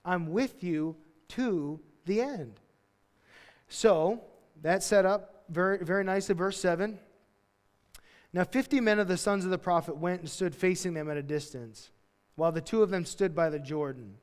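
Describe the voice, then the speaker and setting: A high-voiced man preaching to his congregation, telling the story with animated, casual energy and slipping into the voices of the characters. His voice carries a long reverb, as if filling a large church hall. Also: moderate pace, smooth. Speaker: pastor. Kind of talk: sermon. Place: church sanctuary.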